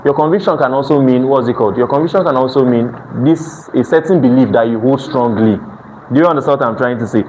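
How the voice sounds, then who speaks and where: A man's voice: medium pitch, fast, darkish tone, rough recording. A man with a Nigerian accent, teaching an evening exam-prep class, who keeps checking in with his students and restarts his phrases. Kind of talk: classroom lecture. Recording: faint background noise.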